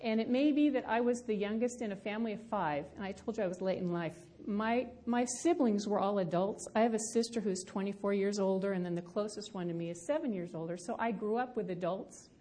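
Middle-aged woman teacher, mellow and unhurried, reflective, ums often, to a live room. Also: medium pitch. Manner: reflective, personal, frequent ums. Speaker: Bible study teacher. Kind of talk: teaching talk.

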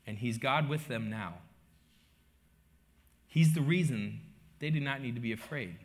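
A middle-aged man preaches a sermon as a pastor, speaking in a mid-range voice at a measured pace. He narrates the story with rhetorical questions, swinging between quiet asides and loud emphasis.

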